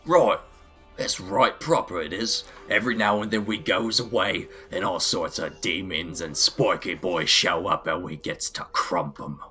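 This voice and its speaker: A man's voice: low voice, measured pace, sharp tone, faint music behind. A man voicing a boastful ork pirate admiral in a put-on Cockney accent, with slangy, broken grammar. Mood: gruff.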